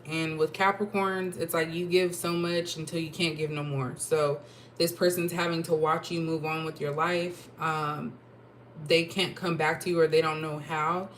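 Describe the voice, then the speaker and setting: Chatty woman tarot reader, low voice. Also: a little hiss or hum. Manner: chatty, thinking aloud with fillers and asides. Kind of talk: casual tarot reading to camera.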